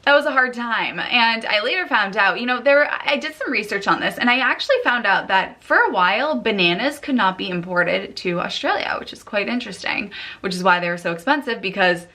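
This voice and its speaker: A young American woman from the United States chatting to camera as a vlogger, animated and full of "like". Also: mid-range voice, brisk. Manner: chatty, animated storytelling, says "like" often. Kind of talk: casual to-camera chat.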